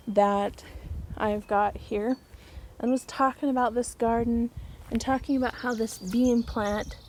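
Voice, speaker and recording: A woman's voice: on the high side, darkish tone, slight background noise, poor audio. A woman vlogger casually telling a funny story to the camera, outdoors in her garden, chatty and laughing as she goes.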